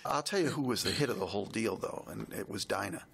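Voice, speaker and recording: A man co-hosting a podcast, telling a heartfelt personal story in a reflective, halting way. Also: fairly low pitch, lively intonation, vocal fry, fairly bright tone. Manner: reflective, halting, emotional retelling.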